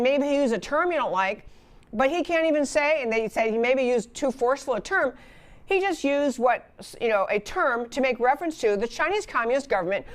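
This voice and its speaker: A middle-aged woman hosting a talk show, giving an indignant political commentary monologue with many restarts. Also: on the high side.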